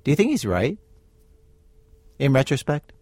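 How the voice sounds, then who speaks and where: A man hosting a radio show, narrating a guest's story in a measured, wry way and asking her questions. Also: medium pitch, huge pitch swings, a little mellow, slightly rough, no room sound. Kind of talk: scripted radio narration and interviewing.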